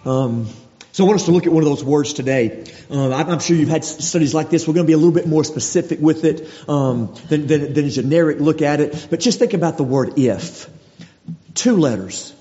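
A man's voice: fairly high pitch, brisk, mellow. A man preaching a sermon in a conversational way, often restarting his phrases. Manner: conversational, with frequent restarts and acted quotes. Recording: dull sound with long hall reverb.

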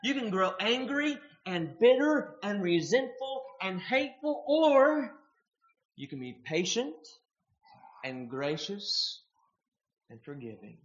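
A man preaching a sermon, swinging from hushed, quiet lines to loud, emphatic ones. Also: high voice, very animated, slow, reverberant, muffled recording.

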